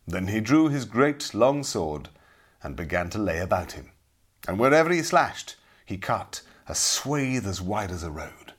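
A middle-aged man narrating a storybook in an expressive, dramatic way. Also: fairly low pitch, unhurried, breathy edge. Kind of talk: audiobook storytelling.

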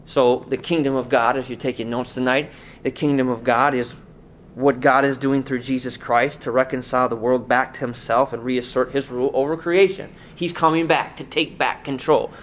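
A man's voice: medium pitch, fairly even intonation, moderate pace, fairly bright tone, slight background noise. Man preaching a conversational sermon. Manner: conversational preaching with rhetorical questions. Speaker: pastor.

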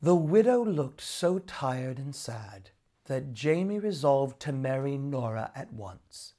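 An expressive storyteller reading a folk tale aloud. The delivery is very unhurried, and the pitch rises and falls widely from line to line. The voice sits at a middle height. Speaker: narrator.

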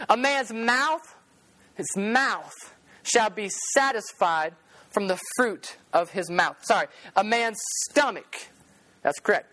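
A young man preaching a sermon, passionate and animated, telling stories and acting out the voices of the people in them. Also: high voice. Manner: passionate, animated storytelling with acted-out quotes.

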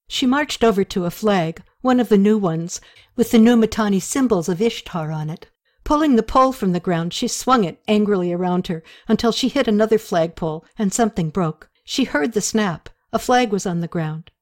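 A woman narrates an audiobook chapter at a medium pitch. She tells the story in a steady, expressive way. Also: moderate pace.

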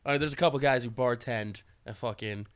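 A man's voice: mid-range voice, a little fast, clear, resonant tone. A man co-hosting a podcast who stammers through teasing questions in casual chat. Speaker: podcast co-host.

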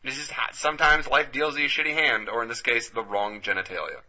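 Deadpan podcast guy, husky forceful voice. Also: mid-range voice, quick pace, highs cut off. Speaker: podcast co-host. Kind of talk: casual comedic banter.

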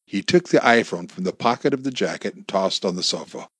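A man's voice: lowish voice, expressive, fairly quick, few pauses, fairly bright tone, slightly rough, no room sound, studio quality. A man narrating an audiobook expressively, shifting between character voices.

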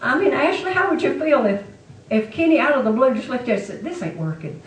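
A woman's voice: sits high, lively intonation, quick pace. A woman preaching a testimony sermon to her church with an emphatic, repetitive delivery. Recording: echoey room, mic far off.

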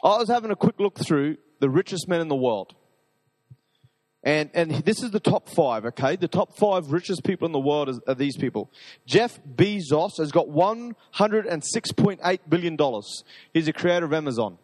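A man preaching a sermon to a live audience, talking in an energetic, rambling, enthusiastic way. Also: on the high side, moderate pace, long reverb tail.

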